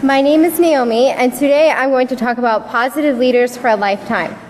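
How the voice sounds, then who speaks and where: A young woman, slightly high-voiced, tells a personal story to a congregation. She acts out the voices of the people she remembers. Her voice carries a long reverb from a large worship hall. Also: a little fast, darkish tone, a little hiss or hum. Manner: storytelling, acting out what people said. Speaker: youth speaker at a church service.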